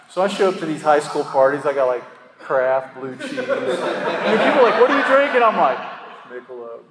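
A man telling his own story at a recovery meeting, rambling and self-deprecating, with lots of fillers and chuckles. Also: medium pitch. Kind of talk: candid personal storytelling. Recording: echoey hall with faint ambient noise.

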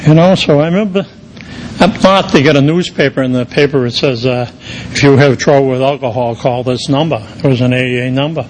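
A man's voice: mid-range voice, a little fast, slight background noise, rough recording. A middle-aged man, giving a personal recovery testimony in a rambling storytelling way full of "you know" fillers. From Quincy, Massachusetts area. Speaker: recovery meeting speaker.

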